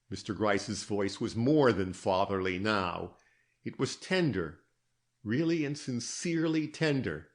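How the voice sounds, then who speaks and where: Reading from a script, a man with a fairly low voice narrates an audiobook in a steady, measured storytelling style.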